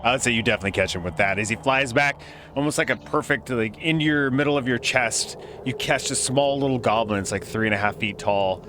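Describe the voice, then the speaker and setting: A man in a mid-range voice running a tabletop role-playing session as game master. He narrates loosely and chattily, with lots of filler words. His voice sits at an ordinary mid pitch throughout. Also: brisk, fairly bright tone, a little hiss or hum.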